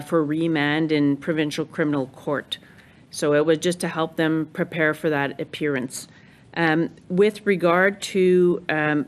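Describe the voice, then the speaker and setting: A woman answering questions at a formal hearing, speaking in a measured, thoughtful way with frequent hesitations. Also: sits low. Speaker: judicial nominee answering questions.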